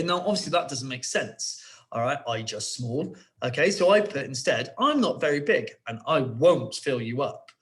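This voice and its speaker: A male primary school teacher recording an online lesson, encouraging and checking in often. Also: a little high.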